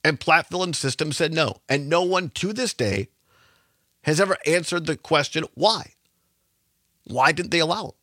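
A man's voice: on the high side, moderate pace, bright, forceful tone, no room sound. Emphatic male radio talk host, dry sound. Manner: emphatic, conversational, with occasional self-corrections. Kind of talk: opinionated radio commentary.

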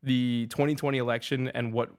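A man's voice: mid-range voice, level tone, a little fast. Conversational male radio co-host. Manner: conversational, self-deprecating. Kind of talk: casual talk radio chat.

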